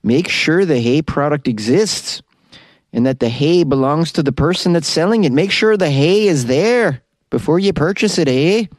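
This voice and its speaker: A man's voice: a little high, animated, no room sound, studio quality, close to an everyday voice. A man voicing a gullible, cheerful Canadian in an exaggerated mock Canadian accent, ending his sentences with "eh". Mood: mock-earnest. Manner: tags sentences with a drawn-out "eh", sing-song.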